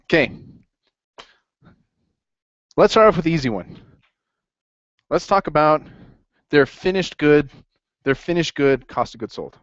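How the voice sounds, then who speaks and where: Guy teaching a class, kinda high voice, keeps asking students stuff, dull dry lo-fi recording. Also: animated, measured pace, long pauses, dry recording. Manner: upbeat, asks the class questions. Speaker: accounting instructor. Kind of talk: classroom lecture.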